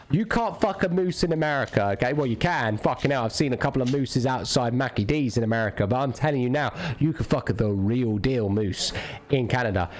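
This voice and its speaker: A man streaming a game, ranting crudely and jokingly in a rambling, casual chat. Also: on the high side. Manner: rambling, crude, jokey rants.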